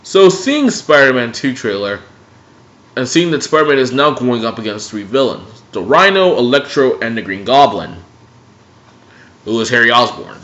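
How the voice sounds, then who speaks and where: A man casually reviewing superhero movies in an excitable way, swearing freely. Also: mid-range voice, normal speed. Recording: dull lo-fi recording.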